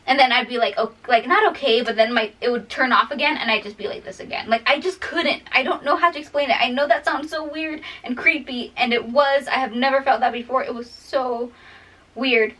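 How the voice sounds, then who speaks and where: A woman's voice: high-pitched, a little fast, pushed and bright, distant mic. A young woman telling a personal story in a casual, rambling way, laughing often. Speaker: vlogger.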